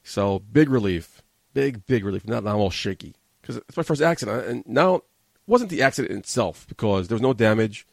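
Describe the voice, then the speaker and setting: Fast-talking gravelly New man. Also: on the low side, expressive, no echo. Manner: profane, agitated and rambling. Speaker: podcast host. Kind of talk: casual storytelling rant. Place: studio.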